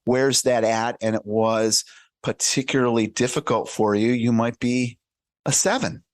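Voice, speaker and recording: A man speaking as a coach in a casual podcast interview, animated and acting out little dialogues, with many restarts and repeated words. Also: mid-range voice, a little slow, no echo. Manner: animated, acts out little dialogues in shifting voices. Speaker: career and life coach guest.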